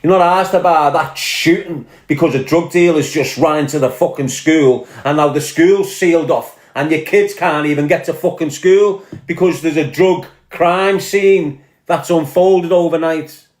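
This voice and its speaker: A man's voice: on the high side, unhurried, roomy sound. A man with a Scouse accent from Liverpool, delivering an angry, profane, confrontational rant to camera. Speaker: online commentator.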